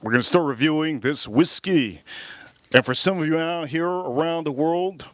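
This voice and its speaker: A man talks to his livestream audience while cooking at a grill, circling back over the same phrases and punching certain words with sudden loudness. His voice sits a little high, and the sound is close and dry with no room echo. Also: moderate pace. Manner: rambling, repeats phrases, bursts of loud emphasis. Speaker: livestream host.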